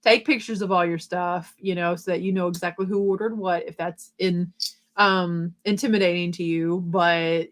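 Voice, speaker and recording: Fast-talking upbeat middle-aged woman. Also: fairly low pitch, steady tone. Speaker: live-stream host. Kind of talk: casual live-stream chat, reading viewer comments.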